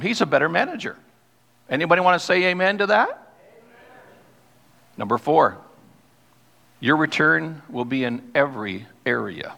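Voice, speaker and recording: A man preaching a sermon as pastor, reading scripture aloud and slowing down to stress key words. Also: fairly high pitch, gravelly, pushed and bright. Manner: reads scripture aloud, then explains it. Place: church sanctuary. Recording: long hall reverb.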